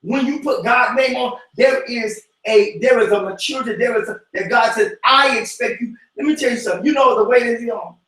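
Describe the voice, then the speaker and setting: A man leading an informal Bible study, talking in an animated, preachy way that breaks into shouts. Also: very high voice, a little fast, hardly any pauses. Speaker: cell group teacher. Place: church room. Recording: echoey room from far off.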